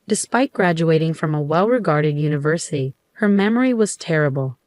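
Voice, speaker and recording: A middle-aged woman telling a first-person story in a steady, measured way. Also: sits low, no echo. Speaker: narrator.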